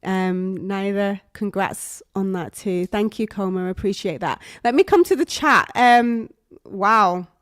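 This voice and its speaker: A woman vocal coach reacting live on stream, soft-spoken and admiring, thinking aloud with fillers. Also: medium pitch, unhurried, no echo. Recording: dry close mic with faint music behind.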